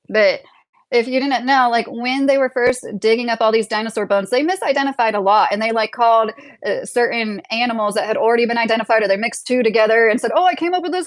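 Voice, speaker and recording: A woman's voice: a little high, dry recording. A young woman hosting a livestream, talking through her opinions in a rambling, casual way and laughing often. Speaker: livestream host.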